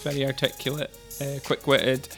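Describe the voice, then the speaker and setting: A man's voice: mid-range voice, monotone, moderate pace, creaky, fairly bright tone, soft background music. A Scottish man co-hosting a casual football podcast, chatty and self-deprecating, laughing often. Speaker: podcast co-host.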